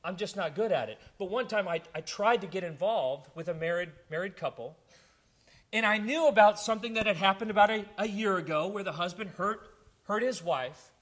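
A man's voice: sits high, fairly quick, a bit bright. A middle-aged man preaching a sermon in an earnest, conversational way, with personal stories. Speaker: pastor.

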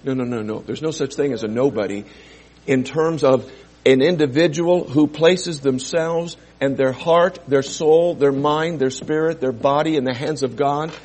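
A male pastor preaching a sermon, dropping to quiet asides and rising to loud, emphatic scripture quotes. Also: mid-range voice, moderate pace.

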